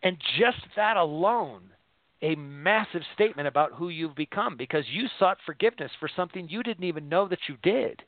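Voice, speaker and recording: A man's voice: sits high, lively intonation, normal speed, no room sound. A man hosting a casual faith discussion, talking earnestly and rambling, often repeating words as he thinks. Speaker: show host discussing scripture. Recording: tinny phone-line sound.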